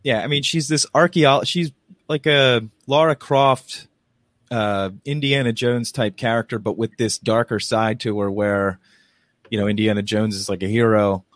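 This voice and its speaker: A man co-hosting a podcast, chatting casually and telling stories in a rambling, animated way with plenty of restarts. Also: medium pitch, normal speed, no room sound, clean studio sound. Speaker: podcast co-host. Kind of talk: casual chat.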